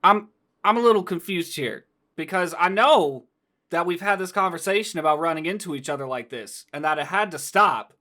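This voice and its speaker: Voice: medium pitch, lively intonation, a little fast, pushed and bright. A performer playing a folksy, drawling frontier lawman who talks in a threatening way, in a tabletop game. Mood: exasperated. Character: gruff frontier lawman, adult man.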